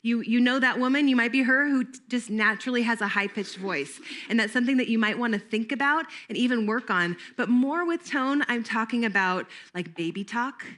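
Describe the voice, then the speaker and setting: Woman trainer, higher-pitched, bright tone, chatty workshop delivery. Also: brisk, few pauses. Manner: lively, conversational, engages audience with questions. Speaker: camp staff trainer.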